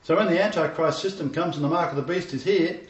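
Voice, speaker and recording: Speaking fast in a slightly high voice, a man delivers an emphatic sermon, restating his scripture references, with interjections from the congregation. The recording sounds dull and far off in an echoey room.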